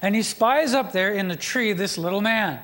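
A man's voice: high voice, normal speed, fairly bright tone. A middle-aged man preaching a sermon as pastor, retelling a story with joking asides to the congregation.

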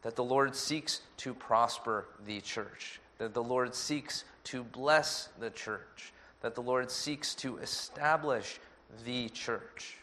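A man preaching a sermon as pastor, measured and earnest. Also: medium pitch, sharp tone, a little hiss or hum.

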